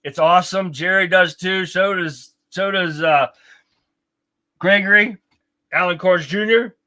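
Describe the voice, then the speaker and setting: A man's voice: high-pitched, unhurried, sharp tone. A man in his fifties hosting a live-stream podcast, chatting casually and greeting viewers one by one. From United States. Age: 50s. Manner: upbeat, chatty, calls out to viewers. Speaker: livestream podcast host.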